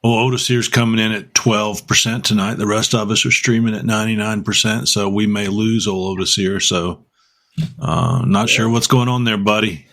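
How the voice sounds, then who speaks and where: A man's voice: fairly low pitch, fairly even intonation, moderate pace, a bit bright. A man hosting a podcast in casual, joking chat. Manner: joking, rambling. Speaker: podcast host.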